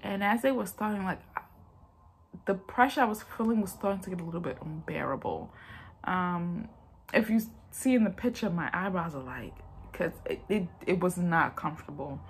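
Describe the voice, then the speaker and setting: A woman's voice: fairly low pitch, moderate pace, slight background noise. Chatty woman telling a personal story. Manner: rambling, talks straight to viewers. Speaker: vlogger.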